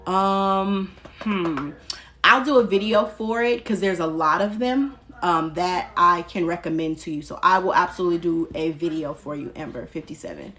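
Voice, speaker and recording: Woman on a phone live stream, lowish pitch, candid and chatty, fields comments and drops the odd curse. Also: moderate pace, a bit bright. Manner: candid and chatty, reads out and answers viewer comments, occasional swearing. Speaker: spiritual practitioner hosting a live stream.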